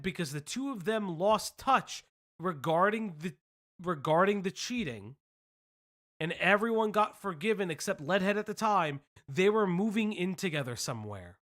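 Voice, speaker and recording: Man, commentary stream host, high voice, very animated pitch, laughs often, profane, rambling. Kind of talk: casual commentary chat.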